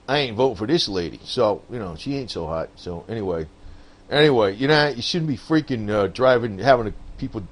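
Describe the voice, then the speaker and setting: A man talking politics in a casual, rambling monologue, swearing and laughing often and calling the listener "man.". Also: medium pitch. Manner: rambling, profane, laughs often, frequent "man" and "I don't know". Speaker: political commentator.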